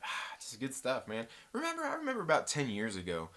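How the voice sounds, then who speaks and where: A man's voice: medium pitch, wildly swooping pitch, brisk, sharp tone. A man hosting a casual live-stream chat, rambling in a laid-back way and reading viewer comments aloud. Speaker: channel host.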